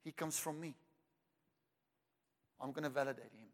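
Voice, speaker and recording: A South African man preaching a sermon with emphasis, repeating words for effect and building to loud declarations. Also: medium pitch, moderate pace. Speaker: pastor. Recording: long reverb of a large hall.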